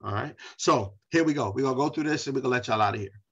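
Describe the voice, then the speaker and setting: A man's voice: medium pitch, racing, a bit bright, breathy edge, lo-fi sound. A pastor leading a Bible study, preaching in a repetitive style straight to his congregation. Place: church.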